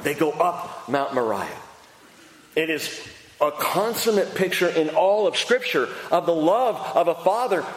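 A man preaching a sermon, telling the story with animated delivery and acting out voices. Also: mid-range voice. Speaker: pastor. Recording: echoey hall reverb.

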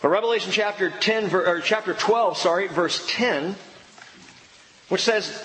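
A man preaching an expository sermon, emphatic and animated, swinging between excited and low earnest tones. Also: unhurried. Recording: long reverb of a large hall.

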